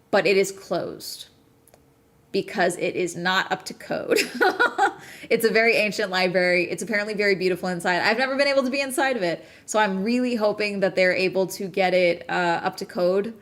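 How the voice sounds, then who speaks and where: A woman's voice: medium pitch, fairly bright tone. A woman hosting a casual chat show, rambling between topics and ranting with plenty of swearing. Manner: chatty, profane, ranting. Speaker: streamer host.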